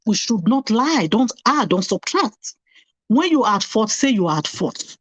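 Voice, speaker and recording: A woman's voice: fairly high pitch, sing-song, normal speed, no echo. A middle-aged woman telling a painful personal story earnestly, repeating phrases for emphasis. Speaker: guest telling her story.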